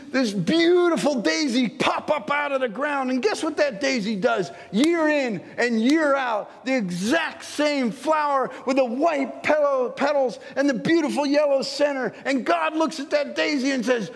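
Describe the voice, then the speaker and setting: A man's voice: extremely high pitch, creaky, long reverb tail, slight background noise. A man who is a pastor preaching a sermon in a church sanctuary, telling stories and acting out little scenes as he goes.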